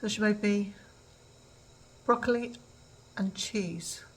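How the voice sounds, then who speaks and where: A woman's voice: mid-range voice, slow pace, breathy edge, poor audio. Chatty older English woman vlogging. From England. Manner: chatty, rambling with many ums. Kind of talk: casual chat.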